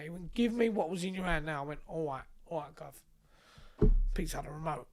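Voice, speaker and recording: A man's voice: on the high side, normal speed. A young man, telling stories in casual chat, swearing freely and acting out both sides of conversations. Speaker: podcast guest. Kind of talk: casual storytelling.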